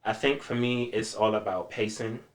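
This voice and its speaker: A man chatting as a podcast guest, animated and self-described dramatic, acting out his own reactions as he tells stories. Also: fairly low pitch, moderate pace. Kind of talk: casual chat.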